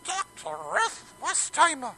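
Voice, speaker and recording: A very high, piercingly bright voice of an elderly woman therapist, put on by a man. She stammers and repeats herself in mock earnest, like a comedy bit on live radio. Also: very animated, slow, exaggerated voice, low-quality recording.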